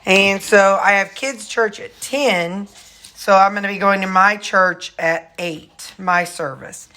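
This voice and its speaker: A woman's voice: mid-range voice, slow pace, sharp tone. A woman vlogging casually at home, rambling through her chores and morning routine while talking to her dogs. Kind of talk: casual home vlog chat. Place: at home, kitchen and storage room.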